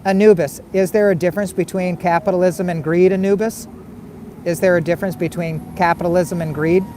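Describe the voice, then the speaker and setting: A man's voice: high-pitched, steady tone, fairly quick, darkish tone, a little hiss or hum. A man hosting a casual livestream, reading viewer comments and arguing back with repeated rhetorical questions. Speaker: livestream host.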